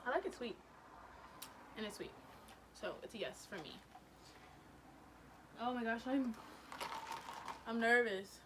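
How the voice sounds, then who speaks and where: A woman's voice: a little high, slow pace, pauses often. A young woman chatting casually on her vlog, bubbly and rambling with lots of "like"s, recorded in a car. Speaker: vlogger. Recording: steady background noise, vehicle sounds.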